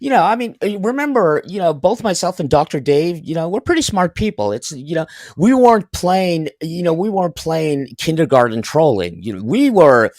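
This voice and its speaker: A man's voice: fairly high pitch, big pitch swings, moderate pace, few pauses, a little mellow, no room sound. Stammering man ranting on a stream call. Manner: rambling, stammering restarts, angry swearing. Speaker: stream guest. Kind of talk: heated casual stream chat.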